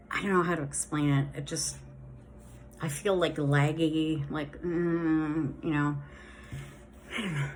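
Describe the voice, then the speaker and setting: Woman vlogger, lower voice, unhurried rambling delivery, slight S lisp from new dentures. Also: slight background noise. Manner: rambling, many fillers and restarts. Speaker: vlogger sharing a dental recovery diary. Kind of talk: casual chat.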